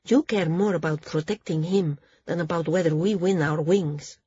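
A woman voicing a serious, direct young woman who speaks quietly, in a storybook reading. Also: fairly low pitch, moderate pace, breathy edge, muffled recording.

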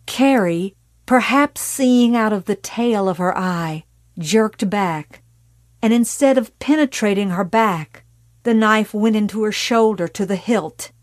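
A woman narrating an audiobook in a measured, dark storytelling manner that drops to a hush. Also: mid-range voice, no echo.

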